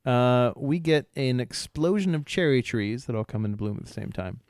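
A man's voice: medium pitch, lively intonation, moderate pace, darkish tone, clean tone, no echo, studio quality. A man co-hosting a podcast, chatting casually and joking, laughing easily and mimicking sounds. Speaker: podcast co-host. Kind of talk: casual chat.

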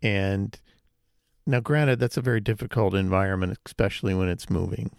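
Low gravelly man explaining calmly. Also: no echo, clean studio sound. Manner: measured, explanatory. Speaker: podcast co-host. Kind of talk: casual chat.

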